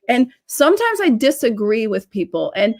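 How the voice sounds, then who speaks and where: Chatty woman business coach, quick asides. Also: a little high, very animated. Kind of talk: casual live-stream chat.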